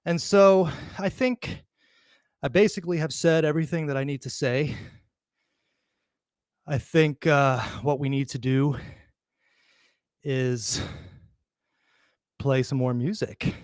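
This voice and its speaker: A man's voice: fairly high pitch, takes it slowly, long pauses, a little mellow, clean tone, no room sound. Breathless man hosting a dry tribute. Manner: loose and rambling, with fillers and repeated starts. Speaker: show host. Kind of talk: informal spoken tribute between songs.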